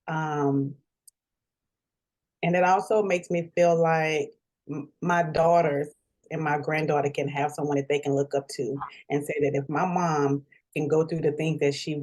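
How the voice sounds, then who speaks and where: A woman's voice: low-pitched, a little mellow. A middle-aged woman being interviewed, heartfelt and close to tears with gratitude. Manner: tearful, grateful, heartfelt. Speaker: interview guest. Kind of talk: emotional interview.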